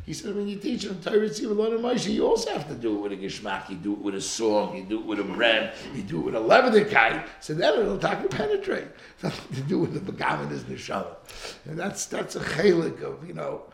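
A middle-aged man preaching in a storytelling way, his pitch sitting a little high and swinging widely as he acts out the voices in his tale. His voice carries a gravelly fry, and the room around him gives it a noticeable echo. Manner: acts out voices in the story, laughs often, mixes in Hebrew and Yiddish terms. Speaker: rabbi giving a Torah talk. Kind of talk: animated storytelling sermon. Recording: echoey room.

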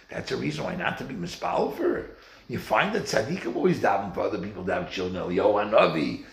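A man teaches a Torah class, his somewhat high voice gravelly and lively. He swings his pitch widely as he acts out the people in his stories. The room around him echoes.

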